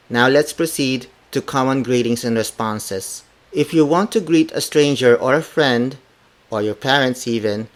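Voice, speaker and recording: A man teaching a pronunciation lesson on a podcast, patiently spelling words out letter by letter and repeating each phrase. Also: mid-range voice. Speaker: language teacher.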